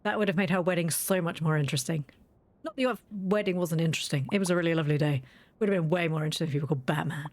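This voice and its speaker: Talking very fast in a low-pitched voice, a woman chats while streaming a game. She's chatty and tells casual stories, frequently breaking into laughter mid-story.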